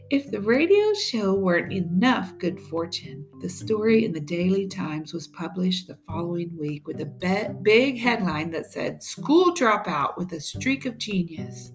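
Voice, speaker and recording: A woman teacher reads a memoir aloud at an even, measured pace, her pitch in an ordinary middle range. Soft plucked guitar music plays beneath her voice throughout. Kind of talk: audiobook reading of a memoir.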